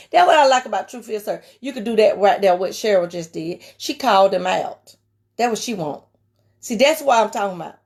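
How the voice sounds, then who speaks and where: Her voice a little high, raspy and country-twanged, this woman delivers a laid-back live-stream sermon. She hammers home key phrases with emphasis and addresses viewers by name.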